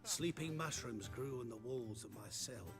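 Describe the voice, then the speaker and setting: An actor voices an old escaped prisoner in a fantasy game who recounts his escape plainly and calmly, at an ordinary middle pitch. Game music plays clearly behind him. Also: a little slow, lightly acted. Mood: recounting. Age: older. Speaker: game character. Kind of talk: game cutscene dialogue.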